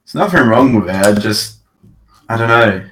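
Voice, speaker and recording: A man's voice: mid-range voice, animated, moderate pace, fairly bright tone, roomy sound, far from the mic. A man with a British accent mixed with Latino and Portuguese tones, chatting casually and hesitantly in a voice chat. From Britain. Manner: self-conscious, hesitant with restarts.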